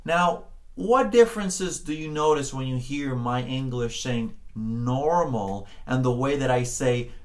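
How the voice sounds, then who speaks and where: A man teaching a Spanish pronunciation lesson, encouraging the learner, often checking in with "okay?", and drawing out words slowly to model them. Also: medium pitch. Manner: slow, drawn-out words when modeling sounds. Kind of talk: spoken language lesson.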